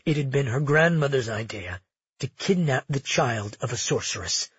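Brief: husky male narrator, measured storytelling, dry close recording. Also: medium pitch, lively intonation, fairly bright tone, dry recording, dull audio. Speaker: audiobook narrator. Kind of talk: scripted fantasy narration.

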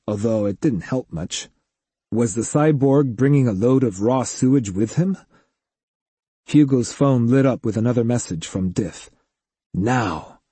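A man reading an action story aloud as an audiobook narrator, in a steady, measured storytelling manner. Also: medium pitch, slightly rough, no echo. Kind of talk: scripted narration.

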